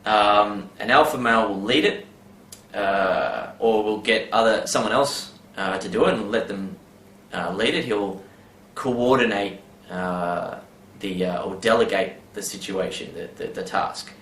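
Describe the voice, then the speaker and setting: Low-voiced man rambling in an echoey room. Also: a little slow, fairly bright tone, a little hiss or hum. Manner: rambling, full of fillers and tag questions. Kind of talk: casual advice monologue. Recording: roomy with faint background ambience.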